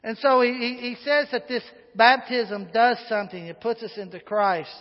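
A man's voice: extremely high pitch, fairly even intonation, moderate pace. A man preaching a sermon in a church, folksy and chatty, with asides and fillers. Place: church sanctuary. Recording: dull sound with long hall reverb.

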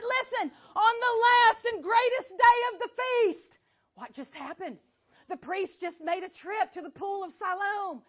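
A woman with a very high voice teaches scripture to a class, excitable and full of questions for her listeners. The recording is slightly muffled. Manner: excitable, quizzes the class often. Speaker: Bible teacher.

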